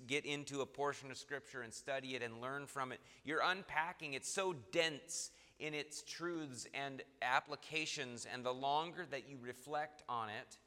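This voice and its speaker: A man preaching a midweek sermon in a church, earnest and emphatic, reading scripture slowly. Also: mid-range voice, sharp tone. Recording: reverberant hall.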